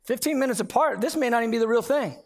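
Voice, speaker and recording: A male pastor preaching a sermon and telling a personal story, animated, swinging between loud and hushed, repeating words as he builds a point. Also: very high-pitched, rapid-fire.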